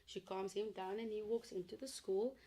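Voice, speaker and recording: A woman's voice: mid-range voice, moderate pace, dark tone, slightly rough. A woman, a photographer and radio host, talking earnestly as an interview guest and repeating words as she goes. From South Africa. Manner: earnest, talks in long run-on stretches with repeated words. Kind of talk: casual conversation.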